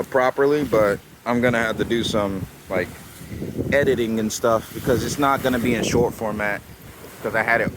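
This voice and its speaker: A young man vlogging casually on a rocky coastline, rambling and slangy as he films the waves on his phone. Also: medium pitch. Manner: rambling and laid-back, slangy with "bro" and "man". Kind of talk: casual chat to camera. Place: outdoors crouched on a rocky coastline by crashing waves. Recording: wind noise and loud surf.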